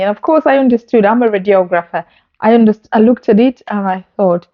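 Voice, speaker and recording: A woman speaks straight to camera in a mid-pitched voice, telling her own story earnestly and with feeling. The sound is a little dull, as from a phone recording. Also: brisk. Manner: earnest, emotional retelling with acted-out dialogue. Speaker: vlogger.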